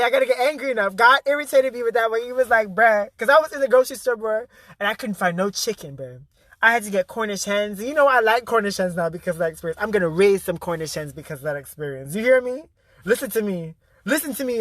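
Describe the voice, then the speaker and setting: An intense man preaches a motivational vlog monologue in a high, bright, forceful voice. He swears freely and hammers his key phrases again and again. The sound is close and dry. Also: fast talker, no room sound. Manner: intense, emphatic and profane, repeating key phrases. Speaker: spiritual motivational speaker.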